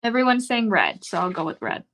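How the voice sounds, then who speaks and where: A woman's voice: mid-range voice, sing-song, fairly quick, fairly bright tone. A woman guest on a crafting show, thinking aloud about her choices as she works. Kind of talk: casual crafting chat.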